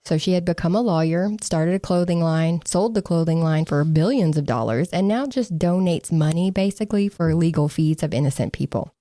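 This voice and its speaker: Sarcastic woman podcaster, dry and mellow. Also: fairly low pitch, lively intonation, brisk, hardly any pauses, no room sound. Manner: sarcastic, laughing, mocking quotes. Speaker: podcast co-host. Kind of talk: casual true-crime podcast chat.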